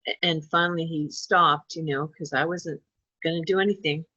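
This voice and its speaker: A woman's voice: sits low, normal speed, no room sound, lo-fi sound. A woman telling a long personal story in casual chat, acting out what people said. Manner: chatty, animated when quoting people.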